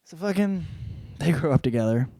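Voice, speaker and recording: A young man hosting a podcast, recapping a novel in a casual, heavily profane way, jumping into quick character voices. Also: on the high side, no room sound. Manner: swears constantly, animated retelling with quick voice switches. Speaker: podcast host reviewing a book.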